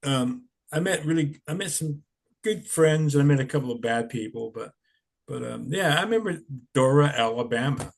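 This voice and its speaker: A man's voice: on the high side, animated, moderate pace, vocal fry. An older man telling stories in a rambling, chuckling way, full of "you know"s. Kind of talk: casual storytelling.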